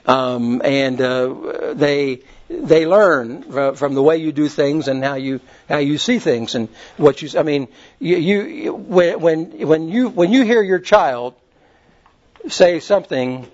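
A man's voice: a little high, slow pace. A man teaching a Bible class in a folksy, rambling way, often restarting his sentences. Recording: muffled lo-fi recording.

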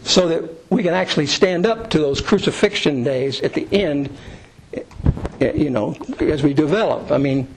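A man's voice: expressive, moderate pace, creaky, a little hiss or hum, rough recording. Conversational man preaching a sermon. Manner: conversational, acts out quoted prayers with rising pitch. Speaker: pastor.

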